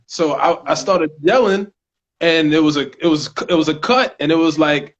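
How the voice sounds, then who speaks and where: A man with a New York accent, an actor and co-host, chatting casually on a podcast with frequent restarts and easy laughter. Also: a little high. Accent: New York (Staten Island). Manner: halting, restarts a lot, laughs easily. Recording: dull lo-fi recording.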